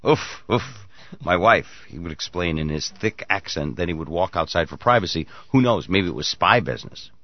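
A man's voice: low voice, brisk, few pauses, muffled recording. A man hosting a morning radio talk show, joking with his co-hosts and reading news items aloud. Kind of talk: casual morning show banter.

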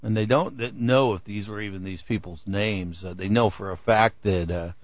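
A man's voice: fairly low pitch, normal speed, dry recording, highs cut off. A man co-hosting a radio talk show, retelling news stories casually with frequent fillers. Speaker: radio co-host.

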